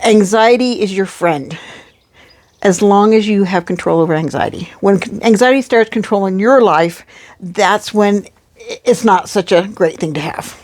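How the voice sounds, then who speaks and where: A woman co-hosting a casual podcast. She explains things in a measured way and reads from her notes. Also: mid-range voice, a little mellow. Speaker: podcast co-host.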